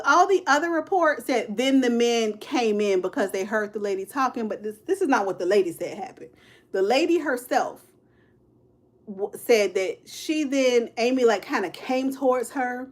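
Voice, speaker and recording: A woman's voice: on the high side, lively intonation, a little slow, a bit bright. A woman in her fifties hosting a casual true-crime livestream, speaking straight to her viewers with "y'all", "child" and "honey" and answering their comments as she goes. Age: 50s. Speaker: livestream host.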